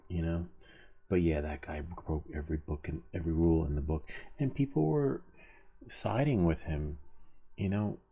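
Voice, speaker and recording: A man with a low, gravelly voice, dark and a little husky, chatting loosely as a DIY channel host. He rambles, drops the odd swear word, and laughs at his own jokes. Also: highs cut off. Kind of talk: casual rambling chat.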